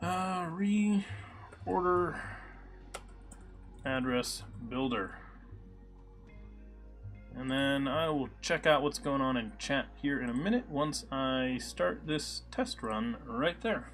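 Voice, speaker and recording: Casual live-coding man over soft music. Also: mid-range voice, animated, slow. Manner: thinks aloud with many fillers, reads chat. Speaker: live-stream coding host. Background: soft background music.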